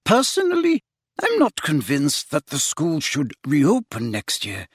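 A man voicing a stern, brisk elderly headmistress witch in an audiobook, crisp in manner. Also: low-pitched, wildly swooping pitch, no echo, studio quality, voice pushed up, heavily acted.

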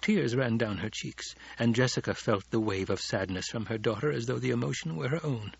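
Husky male audiobook narrator. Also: mid-range voice, a little fast, dry recording, lo-fi sound. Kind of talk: scripted narration.

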